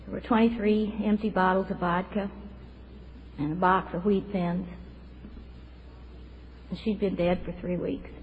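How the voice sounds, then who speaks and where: A woman's voice: mid-range voice, little pitch movement, a little slow, pauses often. A woman in her fifties telling her recovery story in an earnest, reflective way, tearful at times. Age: 50s. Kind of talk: personal testimony at a recovery meeting. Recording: dull lo-fi recording with faint noise.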